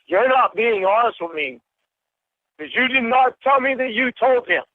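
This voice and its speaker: A man's voice: extremely high pitch, lively intonation, normal speed, dry recording. An angry man on a phone call, swearing and accusing the other person of lying to him. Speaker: caller. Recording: tinny phone line.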